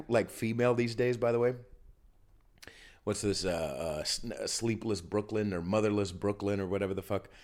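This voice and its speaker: A man with a fairly low voice rants through a solo podcast, swinging his pitch widely from grumbling asides to loud outbursts. He swears constantly and riffs freely. He is getting over a cold, with a slight cough in his voice. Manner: profane, ranting, riffing. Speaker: podcast host. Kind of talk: solo comedic podcast rant. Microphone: filming himself on camera.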